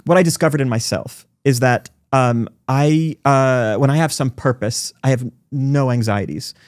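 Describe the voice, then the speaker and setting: A man in his forties, a podcast guest telling stories in fast, animated conversation. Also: mid-range voice, no room sound, studio quality. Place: recording studio.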